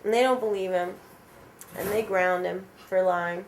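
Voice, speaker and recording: A woman telling an original vampire story aloud in a casual, animated, rambling way, with many fillers. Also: mid-range voice, moderate pace, slight background noise.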